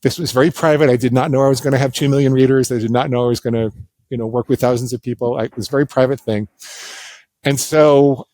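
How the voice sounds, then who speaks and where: Fast-talking and mid-range in pitch, with no echo, a middle-aged male psychologist tells stories as a guest on an interview show. His delivery is animated and self-mocking, and he acts out the voices he quotes.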